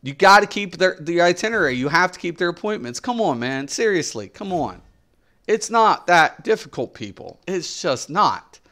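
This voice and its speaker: An exasperated middle-aged man rants on a game stream, hammering his points home by repeating them. He swears freely and talks straight at his viewers. His voice sits a little on the high side. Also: sing-song, normal speed, sharp tone. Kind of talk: ranting stream commentary.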